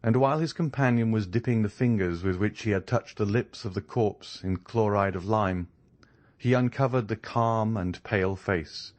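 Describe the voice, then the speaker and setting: Audiobook narrator, man, low voice, measured reading. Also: darkish tone. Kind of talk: scripted narration.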